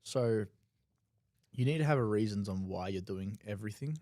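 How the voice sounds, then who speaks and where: Australian male analyst, lower voice, dry sound, thinks out loud over hands. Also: expressive, normal speed, no echo. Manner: analytical, loose with many fillers. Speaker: poker analyst. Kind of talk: live tournament commentary.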